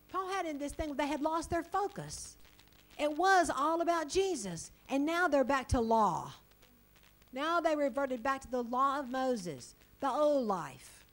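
A woman delivers a sermon in a high, bright-pitched voice. Her pitch swings widely as she talks. She laughs often and keeps it chatty and animated while reading scripture aloud. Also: unhurried, low-quality recording. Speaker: preacher.

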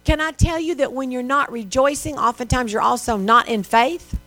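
A high-pitched woman delivers a sermon, talking to the congregation casually with lots of rhetorical questions. A low mains hum runs under her voice. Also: moderate pace, a bit bright. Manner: conversational preaching with rhetorical questions and mimicked voices. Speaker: preacher.

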